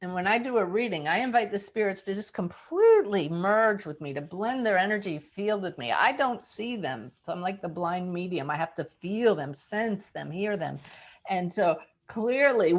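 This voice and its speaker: Woman medium, lively storyteller, mid-pitched. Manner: animated, lively storyteller with big pitch jumps. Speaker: psychic medium. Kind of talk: storytelling talk.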